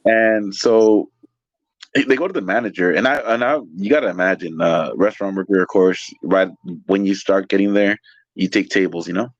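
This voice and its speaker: Guest: low-pitched man, animated, profane storyteller, dull lo-fi dry audio. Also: normal speed, no room sound. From California. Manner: animated, swears a lot, lots of "like" fillers. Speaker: guest, restaurant waiter. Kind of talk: casual storytelling.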